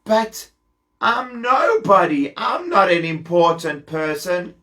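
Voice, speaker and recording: An anxious young servant who asks and protests in an urgent, raised voice, as a man voices him. His voice sits well above the narrator's, though the telling stays slow and simple for children. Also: high-pitched, big pitch swings, bright, forceful tone, voice pushed up, full character voice.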